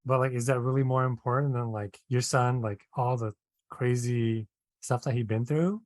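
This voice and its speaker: A man's voice: mid-range voice, fairly even intonation, normal speed, darkish tone, dry recording. A man co-hosting a casual chat, hesitant and full of fillers, laughing often. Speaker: podcast co-host.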